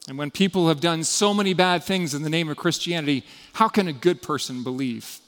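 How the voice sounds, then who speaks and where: A man giving a sermon, retelling a story with dramatic shifts between loud emphasis and hushed passages. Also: a little high, brisk, long reverb tail. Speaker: preacher.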